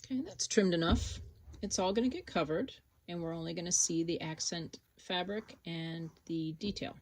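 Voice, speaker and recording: A woman with a fairly low voice explains an embroidery project step by step in a casual, relaxed way. She thinks aloud while she works, and faint noise runs under her voice. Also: moderate pace. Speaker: sewing instructor.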